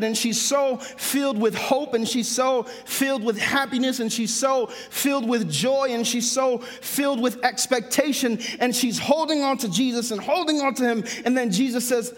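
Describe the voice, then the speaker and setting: A man preaching a sermon emphatically, repeating phrases for stress. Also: extremely high pitch. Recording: long hall reverb.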